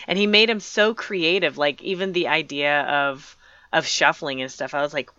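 Curious podcast co-host, bright sharp voice, dry dull lo-fi mic. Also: medium pitch, moderate pace, clean tone, no echo. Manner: curious, questioning, laughs often. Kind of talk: casual book discussion.

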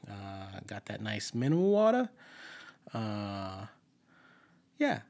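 Man, Scranton Pennsylvania accent, comedy podcast co-host, rambling, halting, lively pitch. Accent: Scranton Pennsylvania coal-region. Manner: rambling, halting, full of fillers. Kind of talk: improvised comedy banter.

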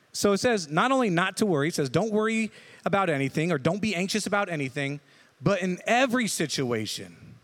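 A man's voice: sits high, a bit bright. A man preaching a casual, joking sermon, often asking his listeners "right?" as he goes. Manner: conversational, jokey, asks the crowd "right?". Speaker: pastor.

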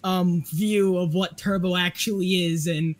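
A man with a New York accent, a podcast guest telling stories in a rambling, animated way with a lot of laughter. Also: sits high, unhurried. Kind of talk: casual chat.

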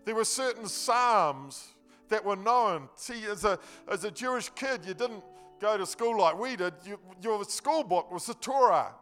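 A man's voice: high voice, expressive, a little slow, fairly bright tone, faint music behind. A man preaching a sermon, telling the story earnestly and emphatically in a loose, conversational way with casual slang.

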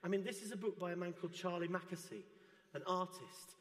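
A man preaching a sermon in a church, gentle and earnest. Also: high voice, fairly even intonation, fast, echoey room, big-room sound. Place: church hall.

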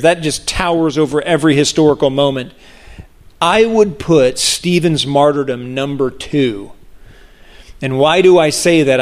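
Guy preaching a sermon, slow and drawn out, kinda high voice, acts out the crowd. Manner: animated, acts out voices of the crowd with big pitch jumps.

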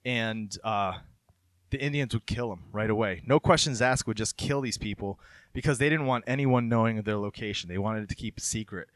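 A man's voice: fairly low pitch, moderate pace, dry recording. A man hosting a casual chat, telling a local legend in a loose conversational way and reading passages aloud.

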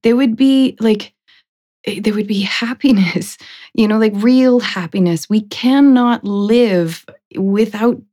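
A woman's voice: mid-range voice, slow, dark tone. A woman hosting a podcast in casual conversation, talking reflectively, often laughing and checking in with "right?". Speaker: podcast host.

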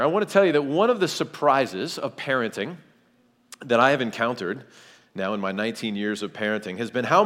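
A man's voice: medium pitch, fairly bright tone. A man in his forties from Kentucky, a guest preacher giving a sermon with friendly, joking asides to the congregation. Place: large church hall. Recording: long church hall reverb.

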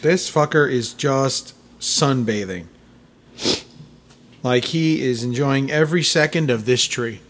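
A man's voice: medium pitch, slow pace, fairly bright tone, a little hiss or hum. A man co-hosting a casual podcast chat, cracking sarcastic jokes and swearing a lot. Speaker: podcast co-host.

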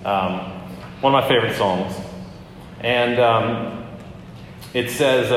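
A pastor giving a conversational sermon, often pausing with fillers and restarting his phrases. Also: medium pitch, a bit bright, a little hiss or hum. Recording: echoey hall with long reverb.

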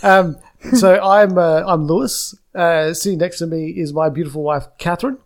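A man introducing his podcast and co-hosts in a halting way, with many fillers. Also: on the high side, fairly even intonation. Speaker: podcast host. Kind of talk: show introduction.

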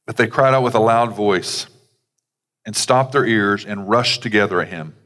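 A man's voice: fairly low pitch, moderate pace, a bit bright. A man, a pastor, preaching a sermon in a conversational way with casual asides. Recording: long hall reverb.

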